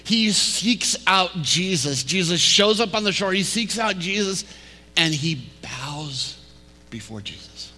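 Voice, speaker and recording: A male pastor preaching a storytelling sermon, slowing down and dropping to a hush for emphasis. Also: high voice, expressive. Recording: reverberant hall.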